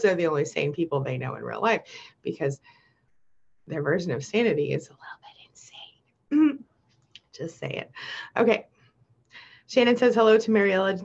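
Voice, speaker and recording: A woman's voice: medium pitch, dull audio. A middle-aged woman hosting a live support stream, chatting casually, laughing often and reading viewer comments aloud.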